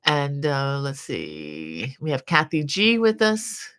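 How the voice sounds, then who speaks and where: In this clip, a woman in her fifties from the United States hosts a crochet channel, chatting casually on a live stream and reading viewer comments aloud with plenty of fillers. Her voice is low and fairly bright, with huge pitch swings, and she takes her time.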